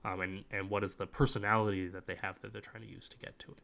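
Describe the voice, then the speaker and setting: A man's voice: fairly low pitch, flat delivery, quick pace, gravelly, a bit bright. A man co-hosting a podcast in casual chat, explaining game-master advice at length.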